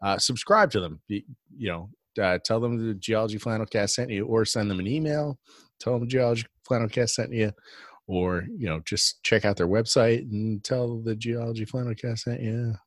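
A man's voice: lowish voice, normal speed, dry recording, studio quality. A man co-hosting a podcast in casual chat, talking in a rambling way with many restarts and frequent giggles. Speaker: podcast co-host.

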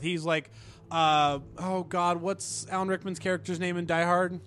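A man's voice: high voice, little pitch movement, moderate pace, a bit bright, slight background noise. A man co-hosting a casual movie podcast, rambling eagerly through his favorite films. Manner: rambling, restarts, enthusiastic about movies. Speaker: podcast co-host. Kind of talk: casual chat.

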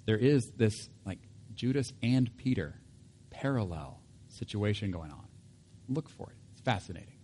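A man's voice: lowish voice, big pitch swings, normal speed, dark tone, a little hiss or hum. A man preaching a sermon in a casual, conversational way, with asides and self-corrections. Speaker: pastor.

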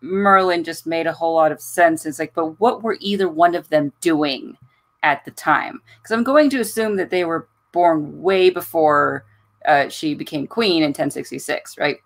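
A mid-pitched podcast co-host in casual conversation. This speaker thinks out loud, speaks bluntly, and swears freely. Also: normal speed. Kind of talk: casual chat.

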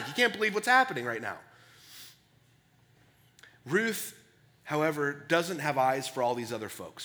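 A man preaching a sermon as a pastor. He is earnest, keeps checking in with "right?", and swings between hushed and loud, excited stretches. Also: fairly high pitch. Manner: earnest, asks "right?" often.

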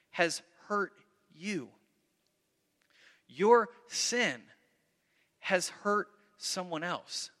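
Earnest pastor in a reverberant hall. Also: male voice, high voice. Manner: earnest, swings between loud emphasis and soft near-whisper asides. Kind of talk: sermon.

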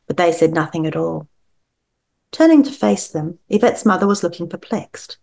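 Brief: woman author, low voice, reads aloud expressively then chats. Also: moderate pace, vocal fry. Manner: expressive reader, chatty with restarts. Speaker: novelist guest. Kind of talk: reading aloud and interview chat.

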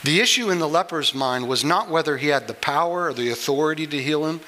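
A man preaching a sermon, earnest and unhurried, with small restarts as he explains a Bible passage. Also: fairly high pitch, animated, sharp tone, slight background noise, rough recording. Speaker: pastor.

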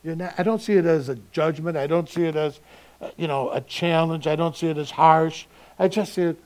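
A man preaches a sermon in an easy, talking-with-you manner. His voice sits a little high for a man, and he puts rhetorical questions to his congregation. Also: fairly quick, a little mellow. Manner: conversational, chuckling, with rhetorical questions. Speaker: pastor.

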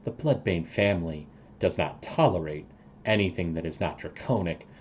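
A man voicing a grave, older male dragonkind councilman who speaks in a solemn, measured and emphatic way. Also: low-pitched, animated, darkish tone, a little hiss or hum.

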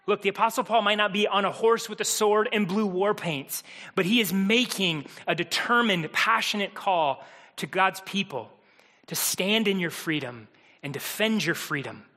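Energetic preacher with a bright high voice. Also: male voice. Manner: energetic, rhetorical repetition. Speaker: pastor. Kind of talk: sermon. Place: church sanctuary. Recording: reverberant church hall.

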